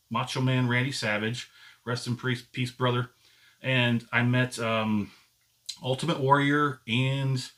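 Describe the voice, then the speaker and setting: A middle-aged man hosts his own video channel, spinning a casual story to camera. His talk wanders and corrects itself mid-sentence. The voice has a bright, forceful edge. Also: mid-range voice. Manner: rambling, self-correcting talk. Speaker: channel host.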